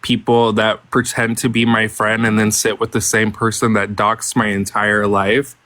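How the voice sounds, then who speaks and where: A man's voice: lowish voice, little pitch movement, moderate pace, sharp tone, no echo. A man talking casually in a group live chat, hesitant and full of fillers and restarts.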